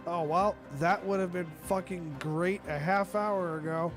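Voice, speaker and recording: Sick, coughing male host with a high voice; swears constantly and rants with exasperation on a call. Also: fairly even intonation, a little slow, over music. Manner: profane, exasperated ranting. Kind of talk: casual ranting chat.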